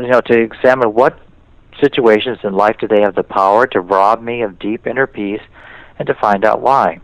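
A man's voice: on the low side, brisk, dry recording, muffled recording. A man, a priest, giving a spiritual talk in an interview and telling stories in which he quotes other people. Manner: storytelling, slips into quoted voices.

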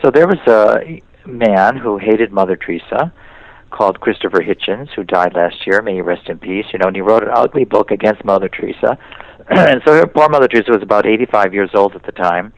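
Low-voiced priest on dull radio audio. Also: male voice, brisk, gravelly, dry recording. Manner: storytelling, slips into quoted voices. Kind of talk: spiritual talk in an interview.

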